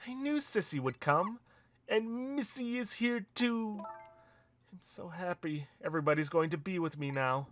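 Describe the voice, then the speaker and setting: A man voicing a small, gentle young girl in a game, speaking softly and timidly. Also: sits high, lively intonation, slight background noise, voice pushed up. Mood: dreamy. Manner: soft, timid, slow.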